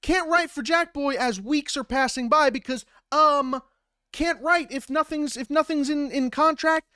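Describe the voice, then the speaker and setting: A man telling a story in a casual, profane and animated way, acting out both sides of the conversations himself. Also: very high-pitched, a little slow, dry recording, studio quality. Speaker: battle rapper.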